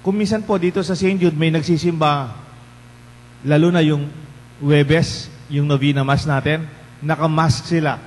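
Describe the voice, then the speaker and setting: A Filipino-accented priest preaches a conversational homily, his fairly high voice ringing through a long church reverb. A faint hum sits under him as he questions the congregation. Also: steady tone, moderate pace. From Philippines. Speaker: parish priest. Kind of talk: bilingual homily. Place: large church.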